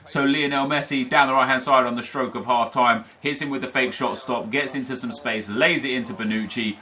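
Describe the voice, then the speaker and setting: A young man serves as a gaming commentator, delivering casual play-by-play over his own football video game matches. His mid-range voice is bright and forceful, and he chats with frequent fillers.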